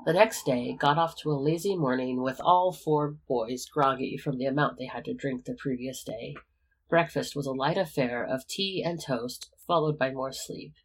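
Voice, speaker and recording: Calm narrator reading fan fiction, husky and breathy. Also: mid-range voice, low-quality recording. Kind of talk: fan fiction read aloud.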